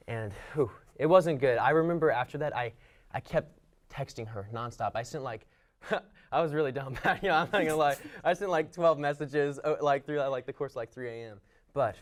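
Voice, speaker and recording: A young man telling a casual story in an animated, self-deprecating way, laughing at himself. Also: mid-range voice, normal speed. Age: young adult. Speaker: student panelist.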